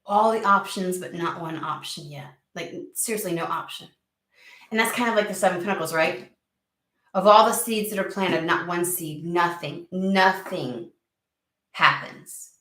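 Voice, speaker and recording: A woman's voice: medium pitch, a bit bright, recorded from a distance. A woman gives a casual tarot reading, her mid-range voice jumping between amused exasperation and sudden outbursts. She swears freely and talks back at the spirit she's reading for. She sounds a step away from the mic, in a room that echoes. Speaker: tarot reader.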